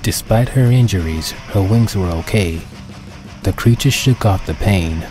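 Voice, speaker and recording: A man reading his own dark pony fan story aloud as the narrator, in a steady, plain storytelling manner. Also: fairly low pitch, measured pace, over music.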